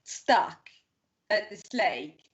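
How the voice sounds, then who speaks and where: A woman's voice: mid-range voice, lively intonation, drawn-out words. A young woman in casual podcast chat, telling rambling stories full of "like" and acted-out quotes. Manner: rambling storyteller, lots of "like", acts out quotes. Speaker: guest. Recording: dull lo-fi podcast audio.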